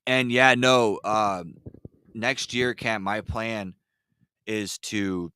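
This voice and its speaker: A man hosting a casual podcast, rambling with lots of fillers and telling excitable stories. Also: fairly low pitch, drawn-out words, clear, resonant tone. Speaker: podcast host. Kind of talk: casual chat. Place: ice fishing shanty.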